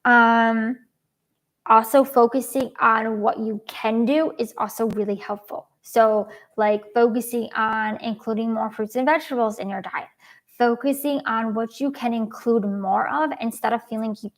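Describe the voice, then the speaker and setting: A woman's voice: on the high side, steady tone, moderate pace. A young adult woman giving casual, earnest advice as a dietitian host, with frequent ums.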